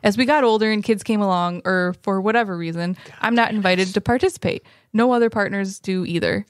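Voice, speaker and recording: A woman's voice: medium pitch, brisk, no room sound, studio quality. A woman co-hosting a podcast, easygoing and laughing often, reading a story aloud. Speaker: podcast co-host.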